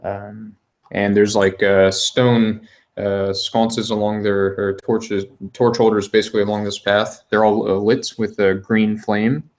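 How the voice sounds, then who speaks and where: A man running a tabletop game as game master, describing scenes with many pauses and fillers. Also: on the low side, flat delivery, darkish tone. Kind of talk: narrating a tabletop game online.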